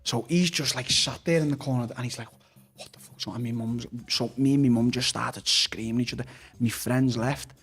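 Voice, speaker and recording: Liverpool man, fighter guest on a podcast; husky, mid-pitched, candid, sweary, stop-start delivery. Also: steady tone, brisk, a bit bright. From Liverpool, England. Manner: blunt, swears constantly, restarts sentences. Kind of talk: candid personal storytelling.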